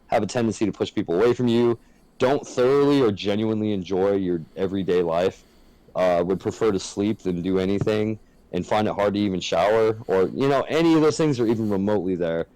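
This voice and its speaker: Frank, low-voiced man on a podcast. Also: dark tone, no echo, rough recording. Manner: frank and earnest, swears freely. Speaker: podcast co-host. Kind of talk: casual podcast chat.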